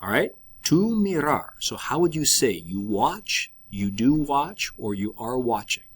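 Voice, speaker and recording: A man's voice: mid-range voice, very animated, unhurried, breathy edge. A man teaching a recorded lesson, explaining step by step with patient check-ins. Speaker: Spanish teacher.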